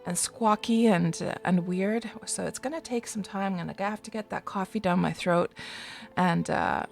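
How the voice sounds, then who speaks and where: A chatty woman hosts a casual game livestream from home, welcoming viewers one by one. Her mid-range voice is still rough and groggy from just waking up. Soft music plays faintly behind her. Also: mid-range voice, normal speed. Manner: chatty, greets viewers by name. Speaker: livestream host.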